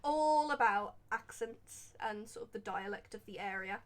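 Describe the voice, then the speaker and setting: A woman's voice: mid-range voice, animated, unhurried. A woman from England with an English accent, chatting casually and rambling as she plays a game on stream, laughing at herself. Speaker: gaming streamer. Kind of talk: casual let's-play commentary.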